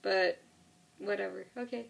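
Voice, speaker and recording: A woman's voice: medium pitch, steady tone, measured pace, creaky, distant mic, slight background noise. A young woman casually retelling a TV episode to a friend, rambling with lots of "like" and the odd swear word. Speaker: vlogger.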